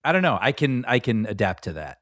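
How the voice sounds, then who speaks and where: Man, movie podcast co-host, casual chat, lively pitch, easy laughs. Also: a little fast, dry recording, clean studio sound. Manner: expressive, laughs easily, agreeable.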